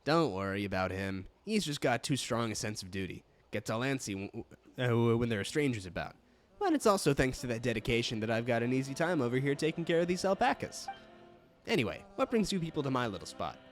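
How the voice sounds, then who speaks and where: A man voicing a friendly, rough-spoken male alpaca herder in a put-on Scottish accent. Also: mid-range voice, big pitch swings, fast talker, natural voice. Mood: easygoing.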